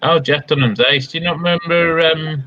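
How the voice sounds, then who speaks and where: A man's voice: fairly high pitch, steady tone, a little fast, pushed and bright. A man co-hosting a casual live-stream chat, easygoing and rambling, often losing his train of thought. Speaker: co-host. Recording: dull lo-fi stream audio.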